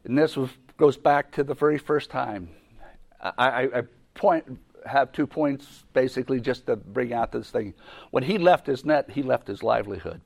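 A man's voice: mid-range voice, normal speed, vocal fry. A man teaching a Bible lesson in a conversational way, often repeating himself and restarting sentences. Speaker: preacher.

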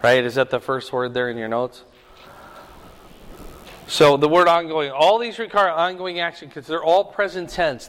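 A man's voice: on the high side, a bit bright. A pastor teaching a sermon from his notes, working through verses and adding asides to the congregation. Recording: long hall reverb.

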